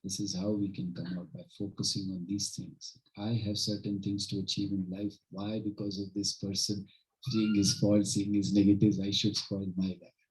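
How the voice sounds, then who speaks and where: A man's voice: fairly low pitch, flat delivery, moderate pace, darkish tone, poor audio. Earnest man giving a devotional talk. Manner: earnest, keeps checking in with listeners. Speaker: spiritual teacher leading a home gathering. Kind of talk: informal devotional talk with stories. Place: home gathering with a group of listeners.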